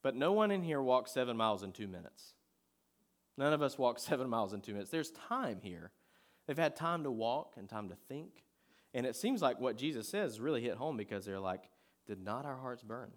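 A male pastor delivering a sermon in an easy, conversational manner. He raises his voice to drive points home, then drops low and soft to read scripture. His pitch sits in an ordinary middle range. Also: sing-song, fairly quick. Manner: conversational preaching, shifting between loud emphasis and quiet reading.

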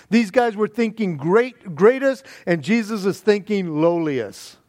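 A pastor preaching a sermon, animated and conversational, with frequent restarts and chuckles. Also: male voice, high-pitched, unhurried, few pauses, no echo, clean studio sound. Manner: animated, stumbling restarts, laughs often.

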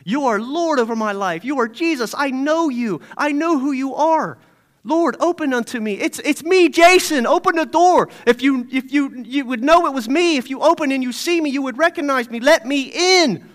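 A desperate churchgoer, put on by a preacher, pleads at a locked door in a high, strained voice that swells loud. He is frantic and insistent, sure he will be recognized. The man acting him out keeps it close to his own sermon voice. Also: moderate pace, big-room sound. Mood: pleading.

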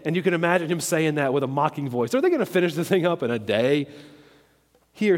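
A man's voice: sits high, big-room sound. A man teaching from a Bible chapter in a conversational sermon, often checking in with his listeners as he explains. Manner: conversational, checks in with "okay?" and "all right?". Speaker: preacher.

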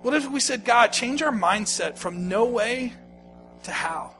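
A man preaching a sermon, moving from hushed, slow lines to loud, pleading ones and repeating phrases for emphasis. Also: extremely high pitch, lively intonation, slight background noise, low-quality recording. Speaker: pastor.

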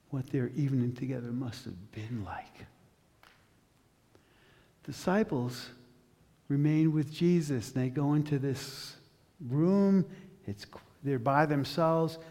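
Dramatic male preacher in an echoing hall. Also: on the high side. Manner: dramatic storytelling, long pauses, builds to loud intensity. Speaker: pastor. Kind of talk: sermon.

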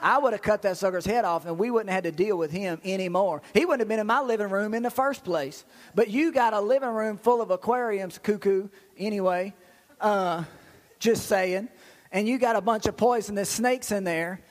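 A male pastor preaching a sermon in a folksy, animated way, cracking blunt jokes. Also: high voice, normal speed, big-room sound.

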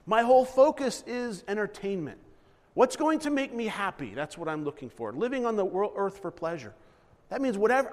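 A man's voice: sits high, big-room sound. A man preaching a sermon in a conversational style, acting out little asides and correcting himself mid-sentence. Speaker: pastor.

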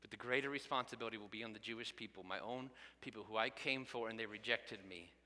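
A man preaching a sermon as a pastor, animated and speaking directly to his congregation. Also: fairly low pitch, fast, in a large hall.

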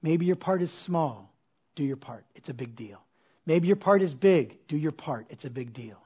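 A man preaching a sermon to a congregation from a church stage, talking in a conversational way with quick asides and rhetorical questions. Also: fairly high pitch, lively intonation, slightly rough, muffled recording. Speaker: pastor.

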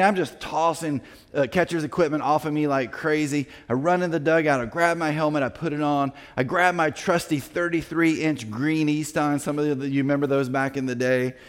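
Male pastor, storytelling sermon, acts out quoted voices, slightly high voice, long hall reverb.

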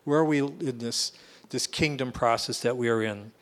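A man's voice: medium pitch, normal speed. A man preaching a sermon in an earnest, emphatic way, often restarting and repeating phrases as he goes.

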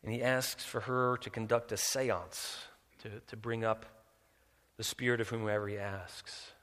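A man preaching a sermon. He drops low and quiet, then climbs loud and high for emphasis, often repeating words as he restarts. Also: steady tone, a little slow. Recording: long reverb, large hall.

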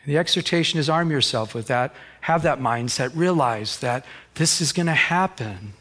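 A middle-aged man preaching a sermon as a pastor, conversational and animated, often restarting his words as he tells stories. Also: medium pitch, normal speed. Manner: conversational, animated storytelling with repeated word restarts.

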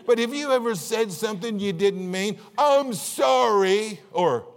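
A man preaching a sermon as pastor, folksy and jokey, with big swings between quiet asides and louder, higher bursts. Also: normal speed, a faint crowd. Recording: long reverb of a large hall.

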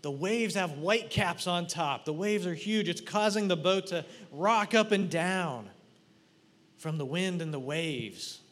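A man delivers a lively sermon, walking his listeners through a scene they are asked to picture, teasing and questioning them as he goes. His voice sits a little high for a man, and it carries with a long reverb in a large hall. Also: a little slow. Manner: animated, playful, addresses congregation directly. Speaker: preacher. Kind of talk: sermon with guided imagery.

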